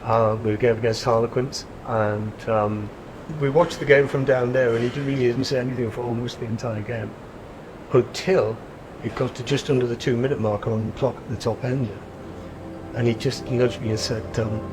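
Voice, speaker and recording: An older man, a rugby fan remembering his father in a documentary interview, speaking reflectively with many pauses and fillers. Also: mid-range voice, fairly even intonation, music in the background, poor audio.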